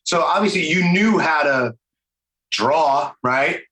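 Middle-aged New York podcast host, rambling and loose, brightish voice a little above average pitch. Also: male voice, animated, takes it slowly, reverberant, low-quality recording. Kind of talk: casual interview chat. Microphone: video call.

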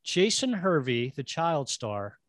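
A man's voice: fairly high pitch, slow pace, no room sound, clean studio sound. A man hosting a podcast, chatting animatedly about a movie and sharing fun facts. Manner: animated, laughs, mimics characters. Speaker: podcast host. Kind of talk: casual film discussion.

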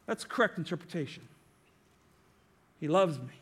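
A pastor preaching a sermon to his congregation, emphatic, often tagging lines with a rhetorical "right?" and slowing down on key phrases. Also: on the high side, expressive, a bit bright, slightly rough. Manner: varies pace and volume, slowing on key phrases. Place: church sanctuary.

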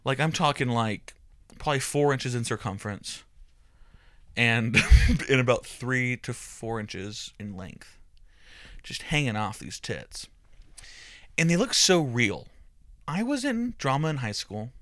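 A man's voice: medium pitch, expressive, unhurried, long pauses, a bit bright, no echo, studio quality. A young adult man hosting a podcast, telling a crude comic story in a rambling, profane way and often breaking into laughs.

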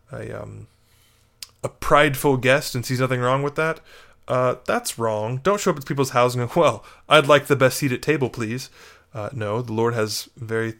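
A man's voice: medium pitch, fairly bright tone. A man, a Catholic priest, giving a casual spoken reflection and retelling an old story with wry humor.

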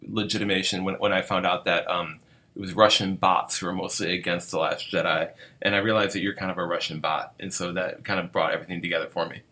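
A man's voice: low voice, steady tone, quick pace, sharp tone. A man co-hosting a writing podcast, making dry jokes in casual conversation. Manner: dry, joking. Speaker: podcast co-host, novelist.

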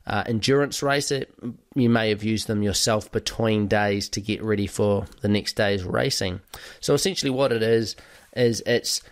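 A male podcast host talks listeners through training ideas in an easy, conversational way, listing points and pausing on the odd filler. His voice sits in a middle register. The recording is close and dry, with no room sound. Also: medium pitch, no room sound. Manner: conversational, explains with lists and fillers. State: recovering from a cold. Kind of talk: podcast monologue.

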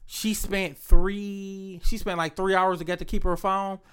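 A man spins a personal story in a relaxed conversational chat. His voice sits a little higher than most men's. He talks bluntly and swears freely, acting out the quotes with lively energy. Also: measured pace, smooth. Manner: profane, blunt, animated retelling.

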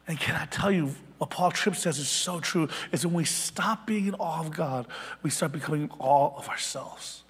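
A man in his thirties preaches with fervent conviction, rising to emphatic peaks and dropping to hushed near-whispers. His voice sits fairly high and carries a slightly husky edge. The long reverb of a church sanctuary trails after every phrase. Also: normal speed. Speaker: pastor. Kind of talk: sermon.

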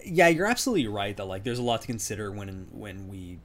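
A man's voice: on the low side, sing-song, quick pace, a bit bright, slight background noise. Rambling man on a gaming podcast. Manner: rambling, filler-heavy, restarts often. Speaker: podcast co-host. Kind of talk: casual chat.

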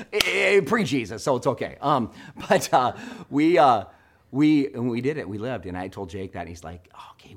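A middle-aged man preaching a sermon, telling a story with animated swings between hushed and loud delivery. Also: mid-range voice. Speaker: pastor.

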